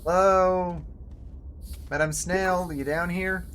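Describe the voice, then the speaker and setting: A man giving casual commentary while playing a game, chatty and talking to himself, now and then jumping up loud and high when excited. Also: moderate pace, a little hiss or hum. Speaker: gameplay video host.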